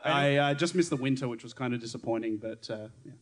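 A man's voice: medium pitch, fast talker. A man, a guest chatting in an easygoing, matter-of-fact way. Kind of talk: casual comedic chat.

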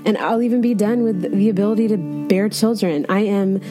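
A woman's voice: medium pitch, steady tone, brisk, music in the background. A woman in her thirties candidly sharing a personal faith story, reflective and laughing lightly at herself. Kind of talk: personal devotional testimony.

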